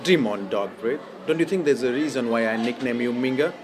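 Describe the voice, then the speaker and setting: A young man acting a scene in a student film, teasing and deadpan. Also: mid-range voice, fairly quick. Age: young adult. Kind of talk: acted scene and interview.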